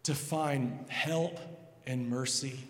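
A male pastor preaching a sermon, moving from hushed pleading to loud, emphatic passages. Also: mid-range voice, fairly even intonation, slow pace. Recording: long hall reverb.

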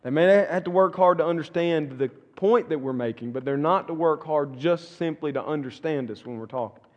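A middle-aged Southern man teaching a church class, earnest and folksy, often circling back to repeat himself. His voice sits a little high for a man. The room around him rings with a long echo. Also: normal speed, highs cut off. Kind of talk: conversational teaching talk.

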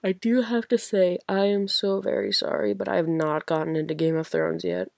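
A woman's voice: on the low side, expressive, normal speed, creaky, a little mellow, no echo, studio quality. A young woman hosting her own podcast, chatting casually and rambling with giggles and enthusiasm, tired late at night. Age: young adult. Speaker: podcast host. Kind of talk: casual solo fan chat.

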